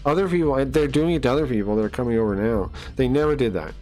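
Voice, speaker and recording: A man's voice: mid-range voice, quick pace, a little mellow, faint music behind. A man live-streaming and ranting to his chat, incredulous and exasperated, with lots of fillers. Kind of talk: casual live-stream rant.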